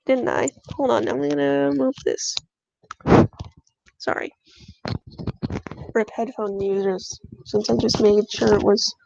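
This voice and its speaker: A woman's voice: high-pitched, vocal fry, dull audio, noisy background. A young woman streaming a casual reaction, reading fanfiction aloud and chatting emotionally to herself.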